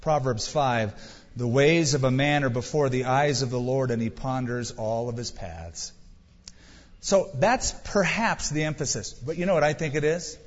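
A man's voice: medium pitch, normal speed, dull audio. Preaching man in a long reverberant hall. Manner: conversational preaching with wry humor. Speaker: pastor. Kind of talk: sermon.

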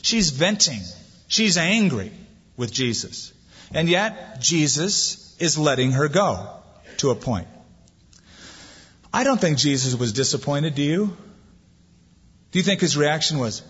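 A man preaching a sermon, and his pitch rises and falls as he acts out the voices in the story. His voice is somewhat husky and a little high for a man. The sound is dull and lo-fi, with a long reverb from a large hall. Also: takes it slowly, long pauses. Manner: lively preaching, acting out quoted voices. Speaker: pastor.

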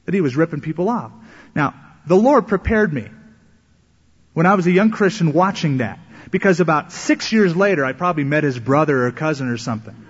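A male pastor delivering a sermon as a story, slipping into the voices of its characters. His voice is husky and fairly high. It rings out in a long-echoing hall on a dull, lo-fi recording. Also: animated, brisk. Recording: echoey hall, dull lo-fi sound.

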